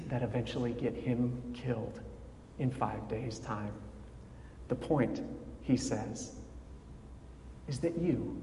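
A man preaching a sermon as pastor, measured and full of dramatic pauses, with wry asides. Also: mid-range voice, dark tone, slight background noise. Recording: echoey hall with faint ambience.

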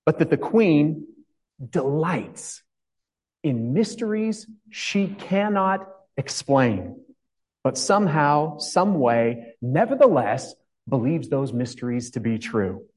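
A man's voice: on the high side, sing-song, takes it slowly, a little mellow, low-quality recording. Reflective male pastor preaching conversationally. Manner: conversational, asks the congregation questions. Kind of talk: sermon.

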